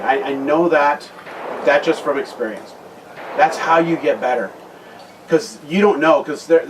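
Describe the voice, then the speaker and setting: A man giving a conversational talk at a men's retreat, retelling a Bible story with many restarted phrases and a quieter voice for serious points. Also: on the high side. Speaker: guest speaker at a men's retreat. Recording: distant mic with loud background noise.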